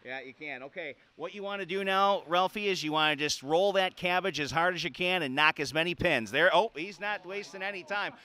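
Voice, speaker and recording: A man's voice: sits high, fairly quick, hardly any pauses, bright, forceful tone. A man hosting a sports show, giving joking play-by-play of a silly indoor game in an arena. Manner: playful, chatty, laughs often.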